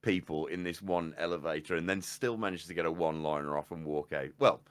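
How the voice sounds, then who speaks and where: A man's voice: sits low, steady tone, fast. A man co-hosting a podcast, gushing about favourite film scenes in casual, sweary chat. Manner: enthusiastic, sweary, calls his co-host "mate". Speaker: podcast co-host.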